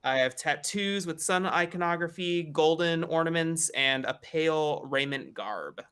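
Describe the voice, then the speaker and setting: A man voicing a brawny young male muscle mage from a line of sun mages, introducing himself in character with easy pauses. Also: on the high side, expressive, fairly bright tone, smooth, pitched above the performer's own voice. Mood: proud.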